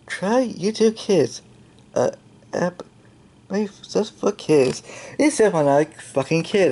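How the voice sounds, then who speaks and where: Slow, swearing, exasperated ranter. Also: mid-range voice, mellow. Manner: heavy swearing, repeated exasperated questions, sighs; halting, restarts and trails off. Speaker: YouTube channel host. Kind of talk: angry ranting commentary over screen content.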